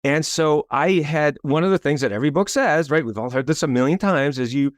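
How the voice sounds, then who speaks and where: Speaking fairly high and fairly fast, this fiftysomething coach and author recounts a story during a podcast interview. His delivery is lively, forceful and sales-pitch-like, with points frequently capped by a rhetorical "right?" The recording is dry, with a clean studio sound.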